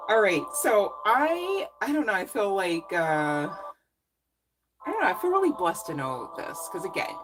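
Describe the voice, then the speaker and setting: A woman's voice: mid-range voice, very animated, measured pace, over music, poor audio. A woman giving a casual live psychic reading, effusive and encouraging, chatty with lots of fillers. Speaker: psychic reader.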